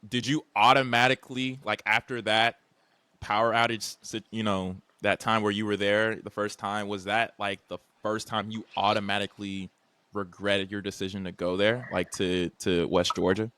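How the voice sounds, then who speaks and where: A young man in his twenties hosting a casual interview, relaxed and slangy, rambling through his questions with restarts. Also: lowish voice, moderate pace, clear, resonant tone, no room sound. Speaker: podcast host.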